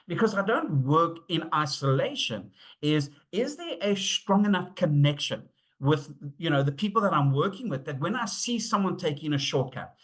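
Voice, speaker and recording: A middle-aged man presenting a webinar on safety, telling stories in an animated way, acting out the dialogue and using frequent fillers. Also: fairly high pitch, normal speed. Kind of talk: storytelling talk.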